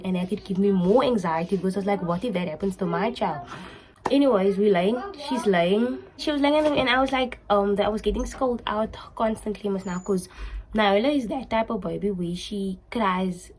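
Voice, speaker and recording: A young South African woman vlogger tells a personal story in a casual, emotional way, repeating herself and switching into Afrikaans words. Her voice is medium in pitch, and the audio quality is poor.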